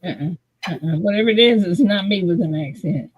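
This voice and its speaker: A woman's voice: medium pitch, lively intonation, a little fast, a little hiss or hum, poor audio. A woman hosting a casual live show, bantering and laughing easily. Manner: laughing, playfully defensive banter. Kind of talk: casual live-stream chat.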